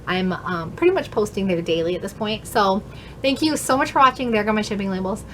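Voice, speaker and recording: A woman's voice: medium pitch, expressive, fairly quick, a little hiss or hum. A young woman chatting casually in a haul vlog, rambling with fillers and correcting herself as she goes. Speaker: vlogger, thrift reseller.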